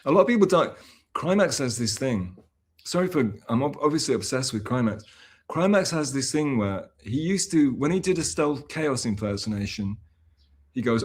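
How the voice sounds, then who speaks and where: A man's voice: mid-range voice, expressive, moderate pace. A male streamer talking to his chat in a loose, rambling way. He restarts sentences often and pokes fun at himself. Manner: rambling and self-mocking, with many restarts and fillers. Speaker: livestreamer. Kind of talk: casual livestream chat, reading and answering chat.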